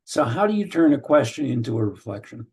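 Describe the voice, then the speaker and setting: An older man giving an online training lecture, explaining slowly and carefully with frequent fillers and restarts. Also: medium pitch, very animated, a little mellow, breathy edge.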